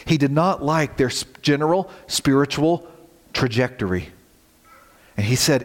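A man preaching a sermon as pastor, swinging from quiet, low lines to shouted warnings. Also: animated, measured pace. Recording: long reverb of a large hall.

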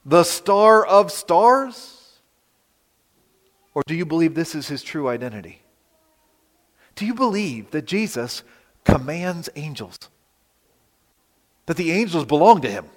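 A man with a Western Pennsylvania accent, preaching a sermon as pastor, animated with rhetorical questions and dramatic pauses. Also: a little high, long reverb tail. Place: church sanctuary.

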